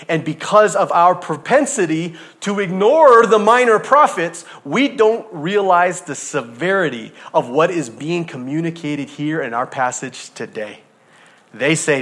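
Man, pastor, preaching a sermon, high-pitched voice, hushed to emphatic. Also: animated, moderate pace. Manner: swings from hushed near-whispers to loud emphatic preaching.

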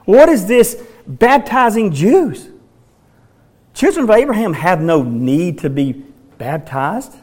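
A man delivers a sermon in a noticeably high voice. He works through scripture passages and repeats key questions with dramatic, drawn-out emphasis. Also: big pitch swings, a little mellow. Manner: emphatic, dramatic rereading of quoted lines. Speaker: pastor.

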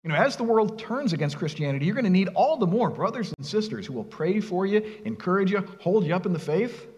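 A male pastor preaching a sermon in a conversational, animated way, asking his listeners rhetorical questions and speaking casually with them. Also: high-pitched, fast talker. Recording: long reverb of a large hall.

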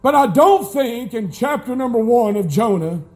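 A male pastor, preaching a folksy, emphatic sermon that climbs to shouts, recorded live in church. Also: very high-pitched, animated, normal speed.

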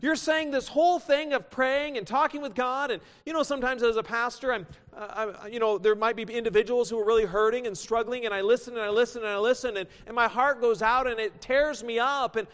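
A male pastor preaching a sermon, moving from loud exclamations to quiet asides and reading scripture in older biblical wording. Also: very high-pitched, steady tone, fast, few pauses. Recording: long hall reverb.

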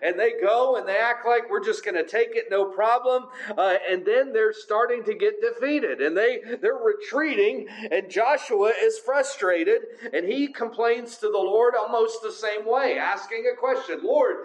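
A man's voice: high voice, measured pace, hardly any pauses, low-quality recording. A man preaching a sermon in a conversational way, with frequent filler sounds. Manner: conversational, many filler uhs.

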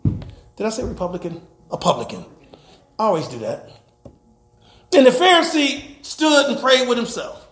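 A man preaching a sermon as pastor. He swings from loud to hushed and laughs as he preaches. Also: very high-pitched, wildly swooping pitch, moderate pace, pauses often, roomy sound. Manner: laughs while preaching, acts out quoted voices.

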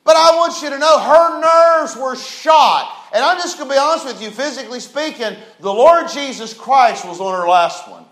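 Male preacher, very high voice, folksy and emphatic, echoey church. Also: animated, normal speed, few pauses. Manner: folksy, emphatic, rising to shouts. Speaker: pastor. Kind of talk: sermon.

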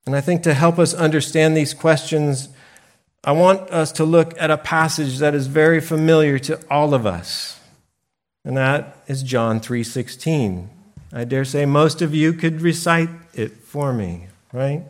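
A man preaching a sermon slowly and deliberately, pausing for emphasis. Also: a little high. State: briefly choked up. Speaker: pastor.

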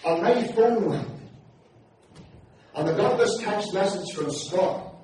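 Preacher, high voice, echoey hall. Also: male voice, animated, slow, a little mellow, slight background noise. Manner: impassioned storytelling, swelling into fervent declamation. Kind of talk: evangelistic sermon testimony. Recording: echoey hall, distant mic.

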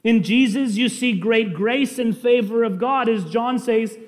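A man preaching a sermon as a pastor, impassioned, rising to loud emphasis and dropping to quiet pleading. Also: very high voice, a little slow.

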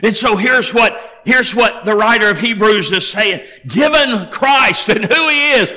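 A male preacher delivering a sermon at a slow, deliberate pace. His voice sits high and sounds sharply bright and forceful. He climbs to near-shouts on key words, then drops low and quiet to close a thought. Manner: emphatic, rising to near-shouts and dropping low.

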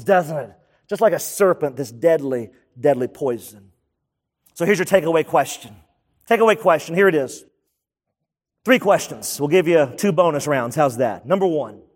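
A man's voice: sits high, big-room sound. A man preaching a sermon as pastor, emphatic, asking rhetorical questions and repeating key lines.

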